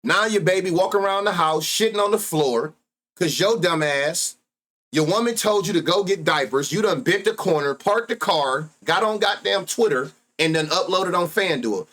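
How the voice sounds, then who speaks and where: A man's voice: sits high, animated, normal speed, a bit bright. A man in his thirties with an African American Vernacular English accent, hosting a sports betting live stream with loose, crude, laughing banter. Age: 30s.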